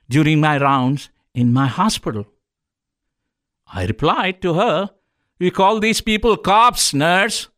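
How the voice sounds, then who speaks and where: Doctor guy on local radio cracking cheesy heart jokes to "folks", slightly high voice, dead dry studio sound. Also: no echo. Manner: corny jokes, addresses listeners as folks. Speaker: radio show host and doctor. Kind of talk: joke-filled radio talk.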